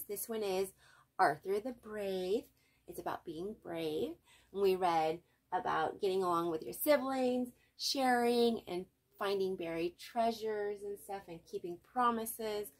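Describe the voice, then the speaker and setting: An older woman reading a children's picture book aloud as a storyteller, gently speaking to young listeners. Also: mid-range voice, measured pace. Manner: gentle, warm, child-directed.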